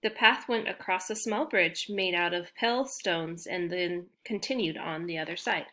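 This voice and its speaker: A woman's voice: fairly low pitch, moderate pace, pushed and bright. A woman narrating a children's fantasy chapter as an audiobook reader, reading steadily and now and then restarting a phrase. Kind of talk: storybook narration.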